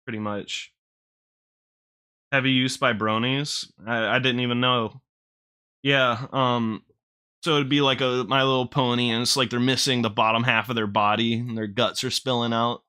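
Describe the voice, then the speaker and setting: A man's voice: medium pitch, steady tone, moderate pace, sharp tone, clean tone. A man casually commenting while playing a video game, rambling, joking and swearing as he answers his chat. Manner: rambling, profane, jokey, talks to chat. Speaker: gaming streamer. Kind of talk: casual let's-play commentary.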